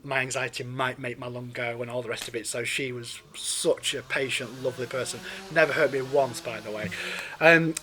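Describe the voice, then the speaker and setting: A man, a singer-songwriter chatting softly and ramblingly to an audience between songs in a studio. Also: medium pitch. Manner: soft-spoken, rambling, with many "um"s. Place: studio performance space.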